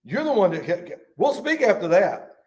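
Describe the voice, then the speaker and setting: A folksy man leads a Bible study and reads scripture aloud. His voice sits a bit high for a man, and he leans hard on key words. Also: big pitch swings, normal speed.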